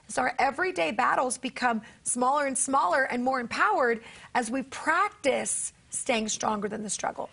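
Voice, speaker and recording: A woman's voice: high voice, lively intonation, moderate pace, creaky, a bit bright, husky. A woman guest on a faith talk show, telling a personal story in earnest and acting out the dialogue as a preacher and author.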